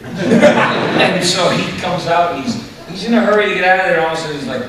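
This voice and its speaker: A man's voice: fairly high pitch, a little fast, long pauses, a loud crowd. Man, offhand panel jokes, distant mic, very echoey hall. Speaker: voice actor on convention panel. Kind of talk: casual panel anecdote. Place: large convention hall.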